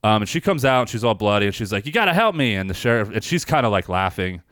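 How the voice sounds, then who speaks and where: A man with a low, smooth voice chats loosely on a movie podcast, piling up fillers and casual swearing. He retells scenes with animated bursts, and the sound is close and dry. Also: fast talker, dry recording. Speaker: podcast co-host reviewing films. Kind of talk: casual chat.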